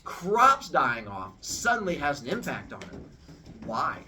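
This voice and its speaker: A man's voice: wildly swooping pitch, a little slow, distant mic, a crowd in the background. A man casually retelling an old myth as a comic story, playfully switching into character voices. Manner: playful, jumps into high squeaky voices for characters. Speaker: storyteller host.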